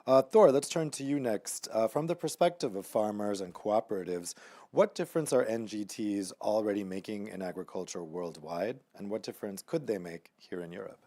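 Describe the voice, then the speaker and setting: Low-voiced male panel moderator. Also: expressive, normal speed, mellow, no room sound. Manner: orderly, hands over to the next speaker.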